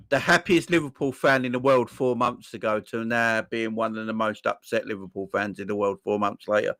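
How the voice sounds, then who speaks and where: A man's voice: lowish voice, steady tone, normal speed, no echo. Exasperated young man ranting. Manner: swearing, exasperated, loud swings in volume. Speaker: football fan channel host. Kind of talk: casual live-stream rant.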